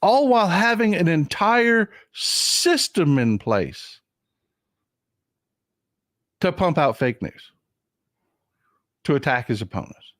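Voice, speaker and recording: A man from Texas hosts a livestream of political commentary, getting over a cold. He talks in an indignant, animated way, with a pitch that swings widely, and he repeats phrases for emphasis. The sound is dry and close, with no room echo. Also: slow, long pauses. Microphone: desk mic at a computer for a livestream.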